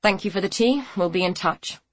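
A woman voicing a patient male police detective who speaks cautiously and in a measured way. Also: mid-range voice, no echo, close to an everyday voice. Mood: polite.

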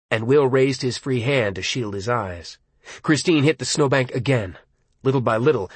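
A man reading a suspenseful novel aloud as an audiobook, in a measured, dramatic storytelling style. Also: mid-range voice, breathy edge, no echo. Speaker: audiobook narrator.

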